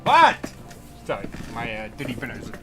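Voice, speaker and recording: A man's voice: medium pitch, wildly swooping pitch, moderate pace, fairly bright tone, soft background music. Swearing, rambling young man streamer. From United States. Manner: rambling, heavy swearing, ranting. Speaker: livestream host. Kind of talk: casual livestream chat.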